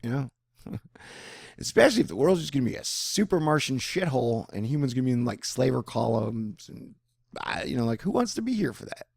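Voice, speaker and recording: A man talking in a rambling personal monologue, animated and drifting between topics, now and then slipping into mock voices. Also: medium pitch, brisk, creaky, slightly rough, no room sound, clean studio sound. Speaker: vlogger.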